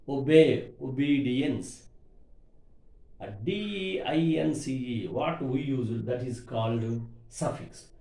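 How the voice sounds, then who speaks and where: A man lectures on word stress, spelling suffixes letter by letter. His voice sits a bit high and swings widely in pitch, and he talks slowly. The room around him is echoey. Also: dark tone. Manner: repetitive, spells words letter by letter; addresses listeners as "my dear students". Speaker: English teacher.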